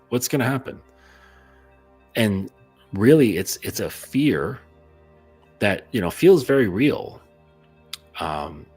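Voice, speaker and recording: A man's voice: low voice, slightly rough. A man speaking as a dating coach in a casual, blunt monologue full of fillers, telling a client's story. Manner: blunt, conversational, many fillers.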